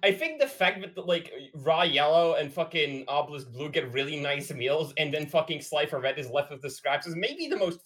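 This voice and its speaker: A man co-hosting a casual podcast, animated and swearing, with stammering restarts. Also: a little high, normal speed, few pauses. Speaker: podcast co-host.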